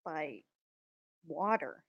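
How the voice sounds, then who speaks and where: A woman playing in a tabletop game, speaking quietly and offhandedly. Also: low voice, sing-song, drawn-out words, slightly rough, lo-fi sound. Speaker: player.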